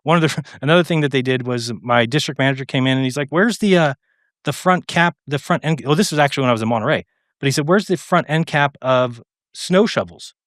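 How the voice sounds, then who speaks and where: Male interview guest, middle-aged, rapid, animated storyteller who acts out the dialogue; dry close sound. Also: mid-range voice, dry recording. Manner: animated, acts out quoted exchanges, frequent fillers and restarts.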